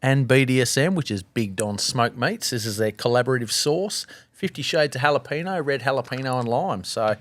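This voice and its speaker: A man's voice: mid-range voice, fairly quick, few pauses, no echo. Laid-back man, matey. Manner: laid-back, says mate and bro a lot. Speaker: podcast co-host. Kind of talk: casual banter.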